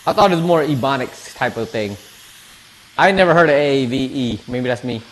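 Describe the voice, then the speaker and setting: A man's voice: mid-range voice, expressive, fairly quick. A man streaming, chatting casually while he eats, laid-back and slangy, often repeating his words. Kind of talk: casual chat while eating.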